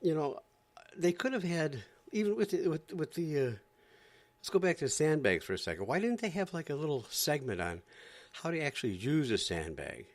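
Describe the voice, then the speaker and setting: A man's voice: fairly high pitch, big pitch swings, normal speed. A man hosting a podcast, ranting in an exasperated, sarcastic way and often repeating himself. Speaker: podcast host. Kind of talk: ranting commentary.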